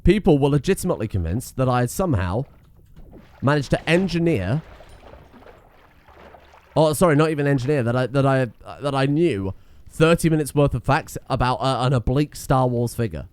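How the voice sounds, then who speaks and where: A man's voice: mid-range voice, animated, moderate pace, a little mellow. A man giving casual let's-play commentary, rambling, self-mocking and swearing freely as he plays. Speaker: gaming streamer.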